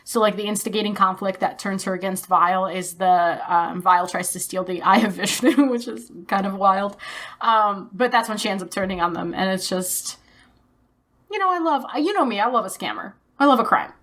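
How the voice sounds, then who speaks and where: A woman's voice: medium pitch, a bit bright. A woman from Texas co-hosting a podcast in casual chat, enthusiastic and casually profane. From Texas, USA. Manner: enthusiastic, swears casually, quick bursts. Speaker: podcast co-host.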